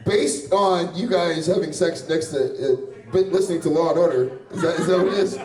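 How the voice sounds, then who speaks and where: A sweaty man works through a loose, crude stand-up set, laughing at his own jokes between lines. His voice sits high but has a mellow, dark tone. The sound is picked up from some way off, with the hard echo of a small bar. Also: fairly quick. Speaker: stand-up comedian. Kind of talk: stand-up set at an open mic. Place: small bar or club with a live audience. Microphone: handheld stage mic. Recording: echoey room from far off.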